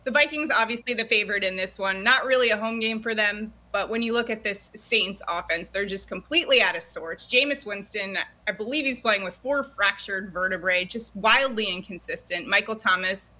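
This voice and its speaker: A woman's voice: medium pitch, moderate pace, pushed and bright. A woman football analyst on a sports radio show, giving confident, emphatic breakdowns. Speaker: NFL analyst guest.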